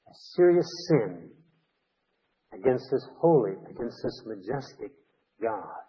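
A man delivering a sermon with a slightly husky, breathy tone, earnest and emphatic as he leans on repeated words. His voice rings out with a long reverb tail, and the recording sounds dull and lo-fi. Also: medium pitch. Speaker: pastor.

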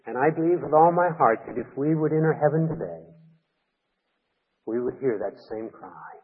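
Pastor guy preaching, earnest, leans hard on repeated words, kinda husky, long echo trailing off, muffled old-sounding audio. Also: medium pitch, animated, normal speed. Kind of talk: sermon. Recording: long reverb, dull lo-fi sound.

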